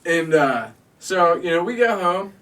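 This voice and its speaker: A man's voice: high voice, expressive, measured pace, a bit bright, far from the mic. A man hosting a podcast, telling a crude story from his youth in casual chat, swearing and laughing often. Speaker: podcast host.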